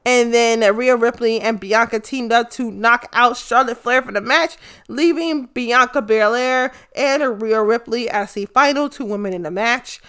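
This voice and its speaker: Woman ranting about wrestling, bright crisp voice, cussing a lot, lots of ums. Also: fairly high pitch, normal speed, few pauses. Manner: excited, profane, rambling with many fillers. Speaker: fan commentator. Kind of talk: casual recap of a wrestling event.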